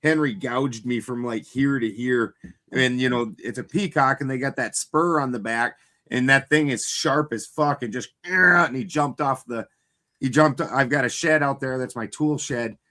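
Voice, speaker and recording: A man's voice: mid-range voice, moderate pace, pushed and bright. A man in casual chat, telling loose, rambling stories and swearing freely.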